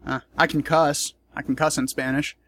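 A man's voice: fairly high pitch, flat delivery, moderate pace, a bit bright. Rambling, profane man. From United States. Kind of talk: casual commentary vlog.

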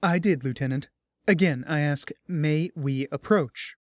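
A man voicing a calm female admiral speaking over a radio channel. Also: a little high, unhurried, dry recording, studio quality, lightly acted. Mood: measured.

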